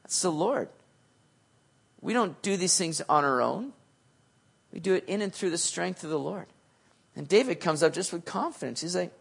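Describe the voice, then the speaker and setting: A male pastor preaching a sermon in a casual, animated, slangy way, swinging between loud and soft. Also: high-pitched, normal speed, creaky, pauses often, slightly rough.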